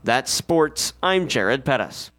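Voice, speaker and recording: A man's voice: mid-range voice, big pitch swings, takes it slowly, a bit bright. A man reading a scripted local sports report on the radio.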